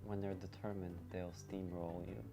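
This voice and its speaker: A young college-age man with a very deep voice and a slight lisp gives blunt, dry answers, often sarcastic and short. Faint music plays underneath. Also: level tone, moderate pace, gravelly. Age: young adult. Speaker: interview guest, college student. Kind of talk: casual interview answers.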